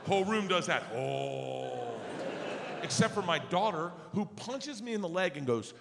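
A man doing crude, animated stand-up storytelling on a theater stage into a handheld mic, with an audience present. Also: sits high, unhurried, gravelly, heavy background noise. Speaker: stand-up comedian. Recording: live theater hall with audience.

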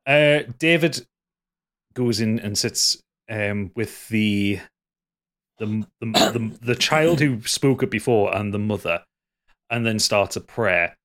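A man's voice: fairly low pitch, slow pace, a bit bright. A man co-hosting a casual podcast, rambling through a TV episode recap with frequent restarts and laughs. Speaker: podcast co-host.

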